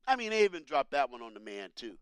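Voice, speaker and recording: A man hosting a casual political commentary show, talking straight to his listeners in an animated, preachy way. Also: medium pitch, fast, smooth, no room sound, clean studio sound.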